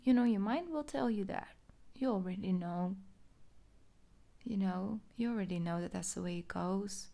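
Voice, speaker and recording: Woman, tarot reader, casual rambling chat, frequent laughs, gravelly fry. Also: mid-range voice, normal speed, long pauses, mellow. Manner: chatty and rambling, laughs often, many fillers. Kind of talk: casual tarot reading to camera.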